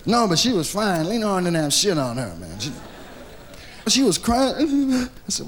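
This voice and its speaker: A male stand-up comedian telling a profane story with animated delivery, acting out the characters. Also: sits high, measured pace. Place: comedy stage, archive recording.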